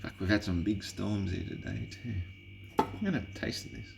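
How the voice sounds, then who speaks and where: A man's voice: lowish voice, a little fast, gravelly, music in the background. A man rambling in a casual vlog monologue, swearing constantly and chuckling, with a mock-exasperated, slightly tipsy manner. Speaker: vlogger.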